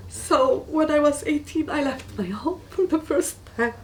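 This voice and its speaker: A woman's voice: sits high, a little mellow, far from the mic, a little hiss or hum, rough recording. Earnest woman recorded from afar. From Tunisia. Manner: earnest, halting, repeats words for emphasis. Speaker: guest giving a faith testimony. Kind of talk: personal testimony.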